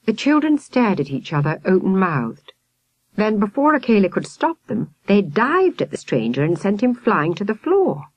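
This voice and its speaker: A woman reading a children's storybook aloud in a lively, expressive way. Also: medium pitch, moderate pace, husky, no room sound. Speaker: audiobook reader.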